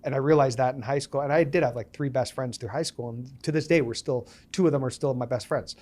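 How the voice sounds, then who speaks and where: Man in his 30s, interview guest, mid-pitched, lively storyteller who plays out dialogue. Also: quick pace. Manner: animated storyteller, acts out quoted dialogue. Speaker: podcast guest, business owner.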